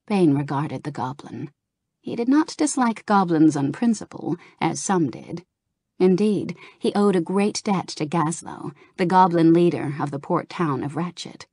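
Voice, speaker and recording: A woman narrating a fantasy novel aloud in a calm, steady reading voice. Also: on the low side, unhurried, breathy edge, dry recording, studio quality. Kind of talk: audiobook narration of a game novel.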